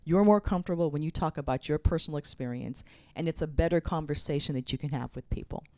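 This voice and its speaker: Middle-aged woman, low pitch, dry close sound, candid keynote speaker with a direct way of advising. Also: fast talker, dark tone, no room sound. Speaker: mayor giving a keynote speech. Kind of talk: conference keynote speech. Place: conference hall.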